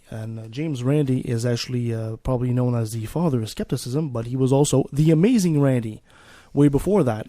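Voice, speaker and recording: A man's voice: mid-range voice, dry recording. A man hosting a radio show, talking casually with many "uh"s as he introduces segments. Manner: relaxed, many fillers and restarts.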